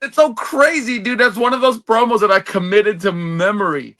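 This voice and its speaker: Excitable podcast guy, high pitched, says dude a lot. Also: normal speed. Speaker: podcast co-host. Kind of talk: casual chat.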